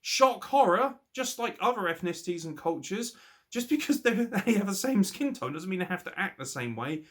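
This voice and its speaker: A man reviewing a wrestling show in casual, blunt commentary, swearing freely and often breaking into laughs. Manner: animated, with big swings in pitch.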